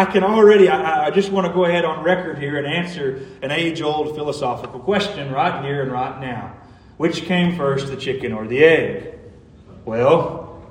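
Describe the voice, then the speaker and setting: A man preaching a sermon as pastor, earnest, building to emphatic peaks. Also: on the high side. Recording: echoey hall, mic at a distance.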